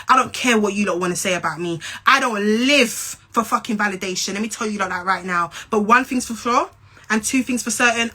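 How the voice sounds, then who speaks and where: A woman's voice: mid-range voice, pushed and bright. A young woman with a London and Essex accent, ranting straight to camera in a blunt, profane, confrontational way and repeating lines for emphasis. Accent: London and Essex English. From England. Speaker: social media personality. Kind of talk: angry direct-to-camera rant.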